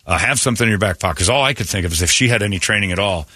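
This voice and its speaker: A man hosting a morning rock radio show, telling stories in a blunt, animated way. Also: on the low side, racing, husky, no echo. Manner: blunt, storytelling, animated retelling. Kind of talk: casual talk radio banter. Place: radio studio. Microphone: studio mic. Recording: dry close studio sound.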